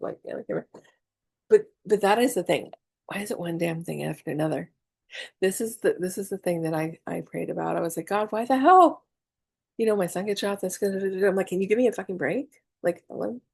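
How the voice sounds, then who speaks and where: A woman's voice: on the low side, vocal fry, a little mellow, no echo. A middle-aged woman teaching a spiritual class in a chatty, confessional way, swearing freely and acting out her own panics. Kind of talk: casual online class talk.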